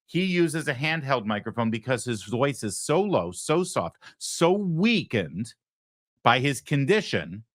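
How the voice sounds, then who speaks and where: Male talk host, mid pitch, punchy opinion commentary, dry studio sound. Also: fairly bright tone, no room sound. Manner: emphatic, acts out quotes, rhetorical questions.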